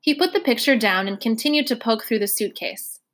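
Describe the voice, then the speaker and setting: A woman reading a novel aloud for listeners to follow along, in a steady storytelling manner. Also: fairly high pitch, fairly quick. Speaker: reader.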